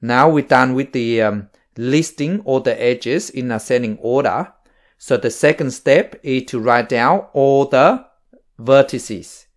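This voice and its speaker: A man teaching a maths lesson, explaining each step slowly and plainly. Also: medium pitch. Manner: slow, plain stepwise explaining.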